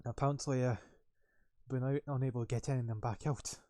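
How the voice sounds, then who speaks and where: A man's voice: fairly even intonation, quick pace, mellow, no echo, lightly acted. A man voicing a youngish, rattled, foul-mouthed man in a tabletop game, swearing as he talks. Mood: agitated. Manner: swearing, agitated and high-pitched.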